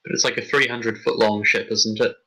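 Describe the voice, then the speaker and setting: A man's voice: on the low side, steady tone, brisk, crowd noise, poor audio. Eager man chatting at a game table. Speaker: player. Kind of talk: casual game talk.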